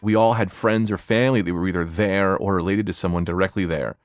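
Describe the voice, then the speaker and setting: A man's voice: sits low, steady tone, fast talker. A young man from New Jersey telling a candid personal story, rambling with fillers and acting out what people said. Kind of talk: personal story told to a podcast.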